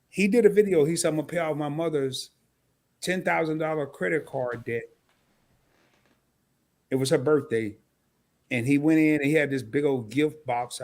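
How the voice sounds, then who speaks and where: A man hosting a casual live stream, telling stories with animated energy and talking straight to his viewers. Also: a little high, vocal fry. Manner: animated storytelling, talks straight to the chat. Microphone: camera mic.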